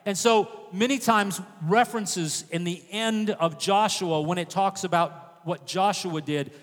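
A man's voice: high voice, a little slow, in a large hall. A man preaching a sermon, reading scripture aloud and breaking off for casual asides. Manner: conversational asides between reading, occasional fillers and restarts. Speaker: pastor.

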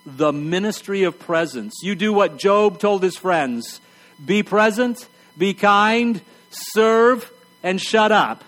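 High-voiced man preaching a wry, blunt sermon. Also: measured pace. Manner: conversational, wry and blunt, drops to a hush for emphasis.

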